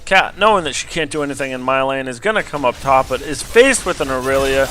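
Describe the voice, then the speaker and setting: A young man casually commentating a replay of his own match, getting excitable at big plays. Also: mid-range voice, a little fast, few pauses, a little hiss or hum. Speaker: gameplay commentator.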